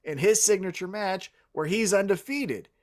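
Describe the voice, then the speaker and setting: A man's voice: high voice, moderate pace, a little mellow. A man co-hosting a podcast, telling stories in a rambling, profane casual chat. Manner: rambling storyteller, salty and profane. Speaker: podcast co-host.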